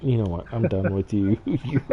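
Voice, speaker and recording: A man's voice: fairly low pitch, moderate pace, phone-quality sound, slight background noise. A man hosting a casual gaming livestream, laughing often and reading chat aloud. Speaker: livestream host.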